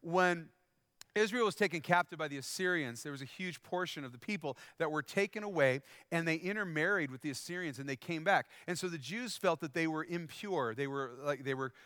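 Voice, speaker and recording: A man's voice: a little high, a little fast, bright, forceful tone, clear, resonant tone, no echo, studio quality. A man preaching a sermon in a conversational way, often asking the congregation questions. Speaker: pastor.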